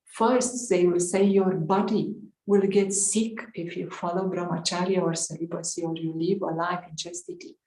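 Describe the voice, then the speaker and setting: A woman giving an earnest, measured spiritual talk, telling a story with some uh and um fillers. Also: fairly low pitch, steady tone, dark tone. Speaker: spiritual teacher. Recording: roomy echo.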